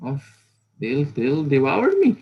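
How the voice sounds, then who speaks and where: A man voicing the Lord as a tiny, frightened male fish who pleads haltingly for protection. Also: medium pitch, big pitch swings, gravelly, husky, highs cut off, voice pushed up, heavily acted. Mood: fearful pleading. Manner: pleading, halting, repeats words in fear.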